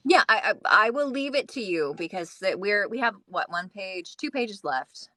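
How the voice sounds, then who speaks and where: A chatty woman hosting a live stream, talking loosely with frequent laughs and restarts. Her voice sits at an average pitch and sounds close and dry, with almost no room around it. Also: lively intonation, normal speed, sharp tone, dry recording. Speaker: livestream host and narrator. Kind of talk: casual livestream chat.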